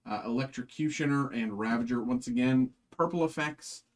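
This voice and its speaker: A man's voice: mid-range voice, normal speed. Chatty man hosting a card break. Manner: chatty, rambling, lots of fillers. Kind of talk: live stream card break chat.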